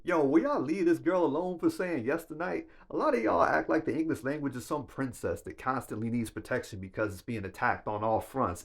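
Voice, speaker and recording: A man from Illinois hosting an English-teaching vlog, talking in a relaxed, slangy way and explaining with examples. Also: medium pitch, creaky, husky. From Illinois, USA. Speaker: English teacher and video host. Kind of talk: casual talking-to-camera vlog.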